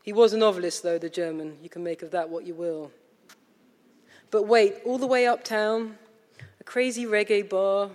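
A woman with a posh English accent, a novelist reading a prepared lecture in a measured, wry, literary manner. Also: medium pitch, a little mellow. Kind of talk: prepared lecture read aloud. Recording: long reverb of a lecture hall.

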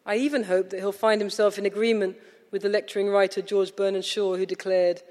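A woman with a posh English accent delivers a prepared lecture as a novelist, measured and wry. Her voice carries the long reverb of a lecture hall. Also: medium pitch, level tone, darkish tone. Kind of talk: prepared lecture read aloud.

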